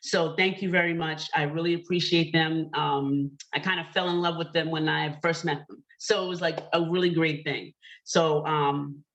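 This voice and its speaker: A woman's voice: deep voice, fairly even intonation, normal speed, fairly bright tone. A woman hosting an online panel discussion, telling a personal story in a chatty, candid way with many fillers. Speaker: panel host. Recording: dull lo-fi online call audio.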